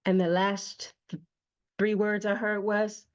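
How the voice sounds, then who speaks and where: Slow, heartfelt woman telling her story. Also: mid-range voice, flat delivery, lo-fi sound. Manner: slow, emotional storytelling with emphatic repetition. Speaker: host. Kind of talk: personal testimony monologue.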